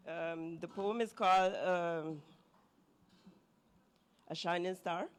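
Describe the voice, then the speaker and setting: A woman performing her own poem at an open mic, speaking slowly. She is hesitant and laughs through her introduction, then recites in a measured way. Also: medium pitch. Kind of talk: poetry reading with a chatty intro.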